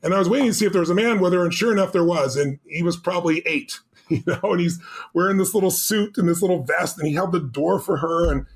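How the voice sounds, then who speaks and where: Guy on a podcast telling a story, high voice, talks fast, acts out the quotes. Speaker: guest.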